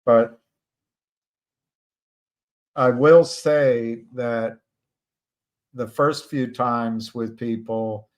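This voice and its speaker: A man talks alone on a livestream, thinking out loud as he goes. His delivery is slow and unhurried, full of pauses, restarts and fillers. His voice sits at an ordinary middle pitch. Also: fairly even intonation. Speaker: livestream host. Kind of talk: casual livestream commentary.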